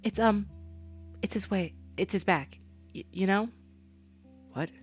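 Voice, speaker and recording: A woman's voice: medium pitch, slow, soft background music, pitched above the performer's own voice, lightly acted. A man voicing a shy, sweet young woman coworker who stammers timidly, reading a game aloud.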